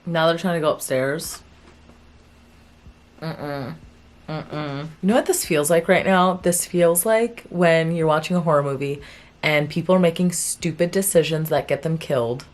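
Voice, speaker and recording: A young woman vlogging about a book she is reading, talking to her viewers in a chatty, animated way and laughing often. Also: low voice, a little slow. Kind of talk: casual chat to camera.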